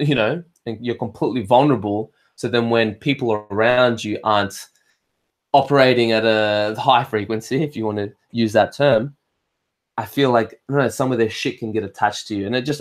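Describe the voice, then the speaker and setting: An Australian man hosting a laid-back livestream, his voice sitting at an ordinary middle pitch. He drifts from thought to thought, swears freely and often breaks off to restart a sentence. He reads viewer comments and answers them in an easy, conversational way. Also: moderate pace. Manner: rambling and swearing, with frequent restarts. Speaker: livestream host. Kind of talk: casual livestream chat.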